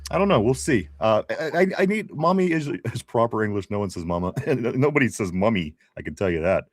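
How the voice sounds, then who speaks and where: A man's voice: fairly low pitch, a little fast, dry recording. Joking male live-stream host, dry sound. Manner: joking and animated, with laughs. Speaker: podcast co-host reading viewer comments. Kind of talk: casual live-stream chat.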